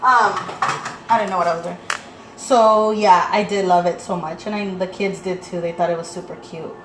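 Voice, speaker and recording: A woman in her thirties, a mother vlogging at home in a casual, animated chat, slipping in Spanish phrases now and then. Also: fairly low pitch, normal speed, reverberant, background noise.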